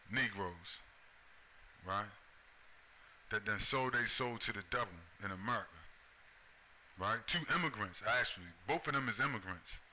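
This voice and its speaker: Bright-voiced man ranting, profane. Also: mid-range voice, a little hiss or hum. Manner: profane, repeats "right?" as a tag. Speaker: commentary host. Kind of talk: ranting video commentary.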